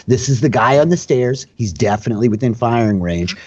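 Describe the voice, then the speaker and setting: A man's voice: mid-range voice, lively intonation, brisk, darkish tone, breathy edge, muffled recording. A man narrating a tabletop game as dungeon master, talking loosely with lots of "like" and fillers.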